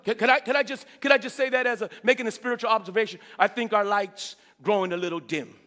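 High-voiced enthusiastic preacher man in a hall. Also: fast. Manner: enthusiastic, repetitive, swings between shouting and murmuring. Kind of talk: sermon.

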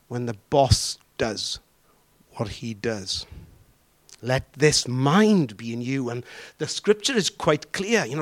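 A man preaching a sermon, drawing out key words and throwing questions to the congregation. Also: a little high. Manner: animated, drawn-out emphatic phrasing with questions to the congregation.

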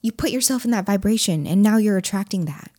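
A woman's voice: mid-range voice, lively intonation, quick pace, dark tone, dry recording, studio quality. A young woman co-hosting a podcast, talking in an earnest, reflective and plainspoken way in casual chat. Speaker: podcast co-host.

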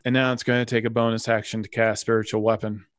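A man's voice: fairly low pitch, flat delivery, fast talker, dry recording. A man narrating as game master in a tabletop game, matter-of-fact and apologetic when he deals damage.

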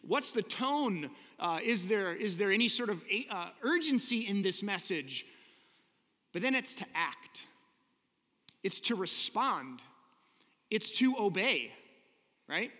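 A man's voice: sits high, big pitch swings, slow pace, pauses often, bright, forceful tone, long reverb tail. A man preaching a sermon in a conversational, earnest way, often asking the listeners rhetorical questions. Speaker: pastor.

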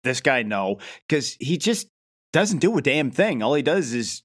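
A man co-hosts a podcast in casual, laid-back chat. His voice sits at a middling pitch, and he talks in a wry, easygoing way. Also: very animated, measured pace, a bit bright. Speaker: podcast co-host.

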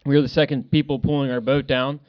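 A man on a podcast telling a fishing story in casual talk, loud and swearing. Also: mid-range voice, little pitch movement, fast. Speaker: podcast co-host. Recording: dull lo-fi sound.

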